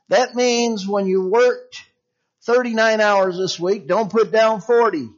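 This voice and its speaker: A man's voice: high-pitched, fairly even intonation, slow pace. A man preaching an informal sermon in a chatty, conversational way, peppered with "you know", chuckles and acted-out dialogue. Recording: dull lo-fi sound.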